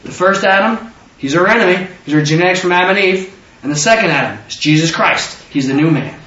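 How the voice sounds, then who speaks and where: A high-pitched man with a bright, ringing tone delivers an animated sermon. He calls questions out to the congregation and acts out quotes. The sound is dull, echoey and distant, as if recorded from the back of a hall. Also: a little fast. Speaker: preacher.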